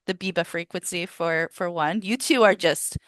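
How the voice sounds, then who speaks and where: Low-voiced woman, enthusiastic podcast guest. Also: normal speed, fairly bright tone, no room sound. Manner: earnest, enthusiastic, repeats words. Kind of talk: casual chat.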